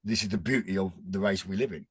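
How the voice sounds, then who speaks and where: Fast-talking husky man. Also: deep voice, a bit bright, dry recording. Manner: rambling, restarts often, earnest. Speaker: podcast guest. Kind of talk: casual chat.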